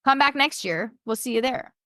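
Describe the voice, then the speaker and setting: A woman talks as a guest on a casual podcast, her pitch sitting a little high. She tells stories in a lively, chatty flow. The sound is dry and close, with no room around her. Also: normal speed, no echo. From Toronto, Canada. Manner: chatty, animated storyteller. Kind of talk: casual chat.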